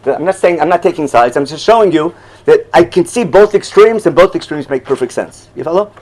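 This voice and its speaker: On poor audio, an older man with a fairly high, darkish-toned voice leads a Torah class, animated and brisk. He keeps it conversational, frequently asking "you follow?" and laughing at his own digressions.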